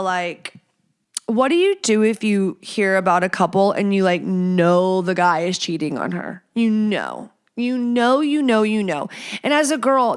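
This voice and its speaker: A woman in her thirties hosting a casual solo podcast, talking bluntly and profanely, and acting out quotes with lively storytelling. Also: mid-range voice, clear, resonant tone. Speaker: podcast host.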